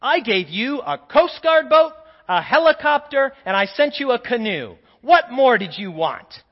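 God speaking with exasperated reproach, as a preacher puts him on. The voice rises high and loud, and a long church echo rings through a dull recording. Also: male voice, very animated, measured pace, exaggerated voice. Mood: reproachful.

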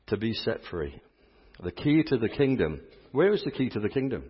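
A man's voice: on the low side, lively intonation, fairly quick, husky. A man with an English accent, a priest preaching a sermon in an exuberant, chatty way and calling out to his congregation. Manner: exuberant, chatty preaching with audience call-and-response. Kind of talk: sermon at a healing service. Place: church. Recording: echoey church hall, dull sound.

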